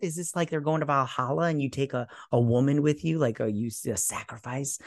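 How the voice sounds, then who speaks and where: A man's voice: mid-range voice, fairly quick, few pauses, dry recording, clean studio sound. A man hosting a TV review channel, recapping an episode in a casual, crude, mocking way and often stumbling to recall names. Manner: crude, mocking, loose paraphrase; hesitant, searching for names.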